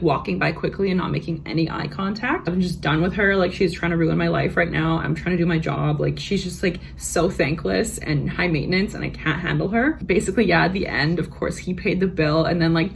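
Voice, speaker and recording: Young woman, vlogger, casual storytime, profane and frank, gravelly, faint background hiss. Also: lowish voice. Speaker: beauty vlogger telling work stories.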